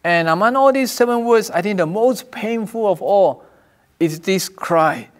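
A man's voice: high-pitched, lively intonation, measured pace. A man preaching a sermon as pastor, earnest, repeating and restarting phrases, raising his voice for quoted cries. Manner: raises voice when quoting cries from scripture.

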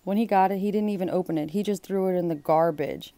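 A woman's voice: on the low side, fast talker, dark tone, no room sound. A woman reading a book aloud and breaking off for blunt, exclaiming comments. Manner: blunt, exclaiming asides between read passages.

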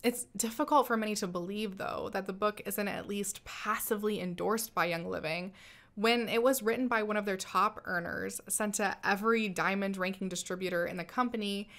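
A woman's voice: mid-range voice, moderate pace, a bit bright. A woman hosting a commentary channel, narrating a scripted critique in a wry, skeptical manner.

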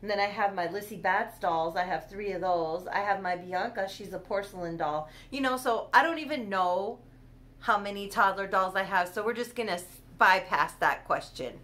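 A woman's voice: medium pitch, moderate pace, fairly bright tone. A woman chatting casually on her own vlog, rambling and giggling as she goes. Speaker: doll collector hosting her channel.

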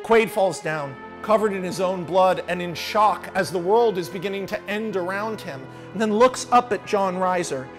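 A man casually telling a film pitch as a story, animated and profane, swinging from mutters to shouts. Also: moderate pace, few pauses, music in the background. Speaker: channel host, screenwriter.

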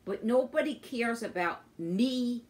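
A woman's voice: fairly high pitch, expressive, takes it slowly. An older woman, stressed and upset, in an angry personal vlog rant, swearing and repeating herself. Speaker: vlogger.

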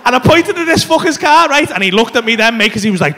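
A middle-aged man telling a sweary, animated story on a comedy club stage. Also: extremely high pitch, fast. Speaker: stand-up comedian.

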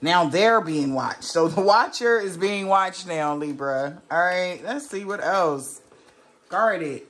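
A woman's voice: lowish voice, animated, slow pace, a bit bright. A woman giving a casual tarot reading to a viewer, blunt and emphatic, swearing freely and firing off rhetorical questions. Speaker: tarot reader.

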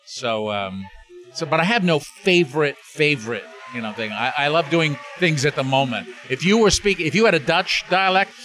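Bright-voiced older man rambling. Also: a little high, animated, normal speed, soft background music. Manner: rambling, many restarts and fillers. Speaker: interview guest, actor. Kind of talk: casual interview chat.

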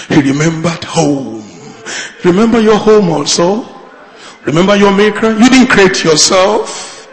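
A male pastor preaching a fervent sermon, moving from shouted appeals to low, pleading lines. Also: expressive, a little slow, reverberant, long reverb tail, rough recording.

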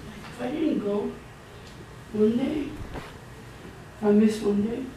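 A young woman talks to her viewers in a relaxed home vlog, stumbling through fillers and restarts. Her voice sits fairly high. The home recording carries a clear layer of background noise. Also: takes it slowly. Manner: hesitant, many fillers and restarts. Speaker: vlogger. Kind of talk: casual vlog chat. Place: home bedroom with window open.

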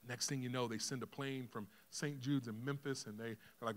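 A man's voice: mid-range voice, fairly even intonation, fairly quick, hardly any pauses. Man telling his story in a sermon. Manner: emotional storytelling, acts out dialogue, swings from hushed to loud. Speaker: pastor. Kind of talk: sermon testimony.

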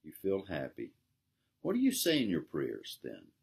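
A man's voice: low-pitched, wildly swooping pitch, unhurried, vocal fry, breathy edge, full character voice. A man voicing a tender, devout noblewoman in a read-aloud story. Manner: tender, questioning.

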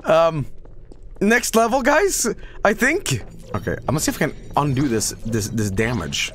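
Excitable man as gaming streamer, high, very lively voice, swears and laughs a lot. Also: normal speed, a little hiss or hum. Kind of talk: casual let's-play commentary.

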